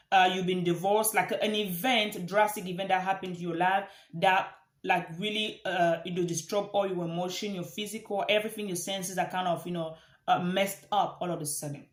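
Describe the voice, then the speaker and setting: A woman from Africa, giving an earnest motivational talk as a life coach and repeating phrases for emphasis. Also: fairly low pitch. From Central Africa. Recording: echoey room.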